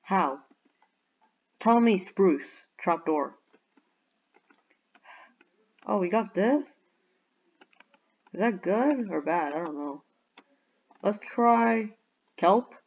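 A young woman giving bubbly, excitable commentary on a video game and cheering at her finds. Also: medium pitch, takes it slowly, pauses often, husky, lo-fi sound. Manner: bubbly, excitable, squeals and shouts in surprise. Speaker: gaming YouTuber.

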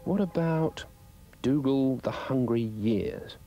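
A man's voice: medium pitch, takes it slowly, dark tone, muffled recording, soft background music, pitched above the performer's own voice. A man putting on the voice of a sweet, curious little girl asking eager, innocent questions.

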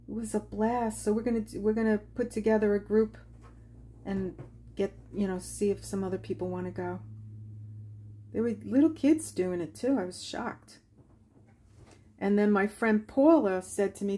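A woman with a husky, mid-pitched voice talks her viewers through a watercolor painting session. She chats casually and drifts into lively stories, laughing as she goes. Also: normal speed. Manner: chatty, laughs while telling stories. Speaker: craft channel host. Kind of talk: casual craft tutorial chat.

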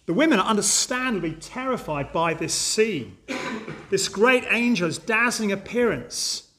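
A man delivers an Easter sermon in a church service, his voice sitting high for a man. He speaks earnestly and with emphasis, addressing the congregation directly. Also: expressive, a little slow, pushed and bright, a little hiss or hum. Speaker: preacher.

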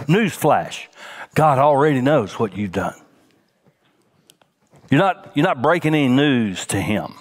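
A middle-aged male senior pastor preaching a sermon, swinging from emphatic raised lines to soft, hushed ones. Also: mid-range voice, very animated, a little slow, long pauses.

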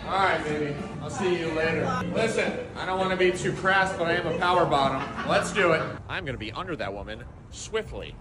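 A man's voice: a little high, brisk, few pauses, over music, lightly acted. A man playing a crude, flirty, cocky Grinch in a public comedy skit, talking brashly. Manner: brash, joking, loud. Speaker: comedian in costume.

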